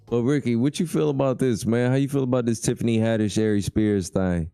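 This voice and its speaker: A man's voice: medium pitch, fairly even intonation, fairly quick, vocal fry, dark tone, clear, resonant tone, dry recording, soft background music. A man hosting a casual livestream chat, laid-back and reading viewer comments aloud. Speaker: livestream host.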